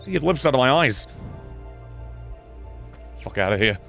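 A young man playing a video game and commenting as he goes, sarcastic and swearing, dropping to mutters and then shouting. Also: mid-range voice, very animated, moderate pace, vocal fry, soft background music. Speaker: gaming streamer.

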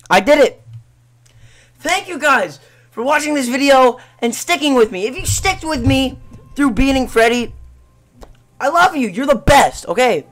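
A gaming YouTuber giving let's play commentary, excitable and trash-talking the game, swinging between loud outbursts and hushed mutters. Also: high voice, unhurried, pauses often, no echo. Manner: playful trash talk at the game.

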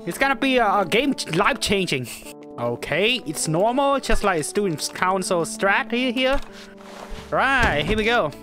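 Excitable woman narrating gameplay, lively pitch. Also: measured pace, over music. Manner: excitable, yelling at game characters, frequent laughter. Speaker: gaming YouTuber. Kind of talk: casual gameplay commentary.

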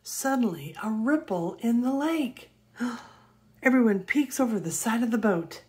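A woman reading a children's picture book aloud in a gentle, expressive way. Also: fairly high pitch, measured pace. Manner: gentle, expressive read-aloud with gasps and soft laughs. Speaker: storybook reader.

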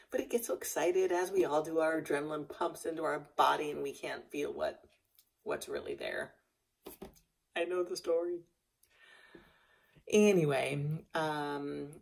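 Woman, casual vlog storytelling, chatty and rambling, very low voice, creaky. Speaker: vlogger.

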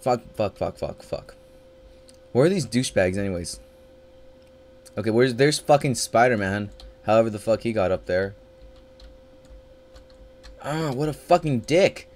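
A man's voice: medium pitch, lively intonation, moderate pace, long pauses, darkish tone. Frantic, foul-mouthed male gamer. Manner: frantic, swears constantly, panicky yelps and angry grumbling. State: frustrated. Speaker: gaming channel host. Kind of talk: live gameplay commentary.

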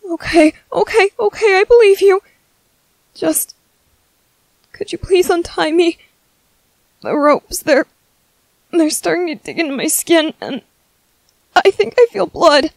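A woman voicing a timid, gentle young man who stammers softly and apologizes, in a whispered role-play. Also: extremely high pitch, lively intonation, a little slow, pauses often, no room sound, full character voice, rough recording. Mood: tender, shaky. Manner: hesitant, stammering, soft-spoken.

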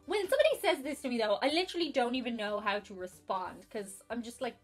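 A woman with an Irish accent giving scripted, expressive vlog commentary. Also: a little high, fast, hardly any pauses, soft background music. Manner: expressive, uses slang. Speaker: YouTuber.

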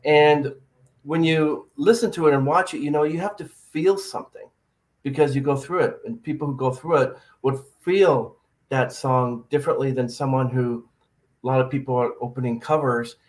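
A man's voice: medium pitch, moderate pace. A man hosting a casual podcast interview, chatting and reading out viewer comments. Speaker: podcast host.

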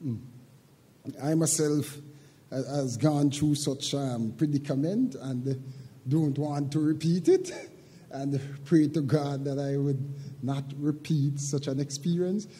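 An older man preaching a sermon as pastor, moving from quiet, halting reflection to loud, shouted preaching. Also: fairly high pitch, slightly rough, in a large hall. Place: church sanctuary.

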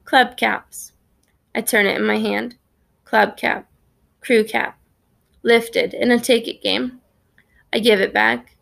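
A woman's voice: a little high, steady tone, slow, gravelly, long pauses, a bit bright. A woman narrating a children's story in the first person, reading expressively. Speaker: audiobook narrator.

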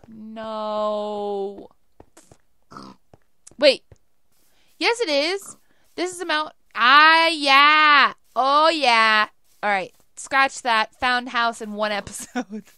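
Bright high-voiced woman gaming. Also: lively intonation, very slow, long pauses, clean tone, no echo. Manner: chatty, laughs a lot, talks to herself. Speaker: let's play gamer. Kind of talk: casual gameplay commentary.

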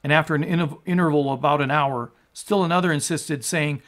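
A male pastor giving a sermon and reading scripture, emphatic and rising to loud peaks on quoted lines. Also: a little high, fairly even intonation, a little fast, hardly any pauses. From United States.

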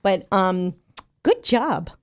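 A woman hosting a casual live-stream chat, giggly and halting, with lots of restarts. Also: medium pitch, sing-song, dry recording. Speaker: host.

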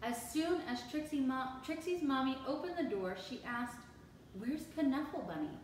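Animated woman reading a picture book. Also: high-pitched, moderate pace, slight background noise. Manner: animated and expressive, with gasps and asides. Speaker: teacher. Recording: echoey room, from far off.

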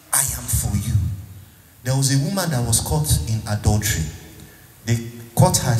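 A man's voice: medium pitch, darkish tone. A man preaching a sermon as pastor, prompting the congregation to answer him back. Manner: call-and-response with the congregation, repeating "Eh?". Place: church hall. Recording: echoey hall, faint music.

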